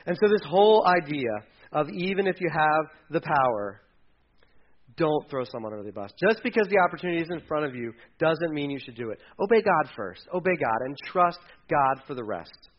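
A man's voice: on the high side, animated, brisk, highs cut off. A man preaching a sermon in a church, retelling a story in a casual way and putting on voices for the characters. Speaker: pastor.

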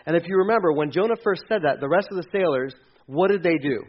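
Man preaching a lively, swinging sermon. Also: a little high, fast, slightly rough, dull audio. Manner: conversational, swings from loud emphasis to hushed. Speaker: pastor.

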